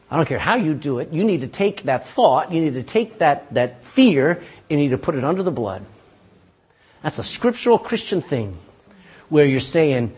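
A man's voice: on the high side, expressive, moderate pace, darkish tone, husky. A pastor preaching a sermon in church, folksy and emphatic, talking straight to his congregation.

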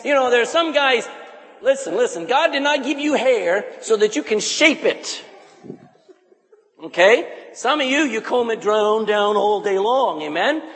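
A man preaching to young men in a high voice that leaps up and down with energy. He teases and calls on people in the congregation by name. His voice rings in a long, echoing church hall. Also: unhurried. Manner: animated, teasing, calls on listeners. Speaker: pastor. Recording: echoey hall.

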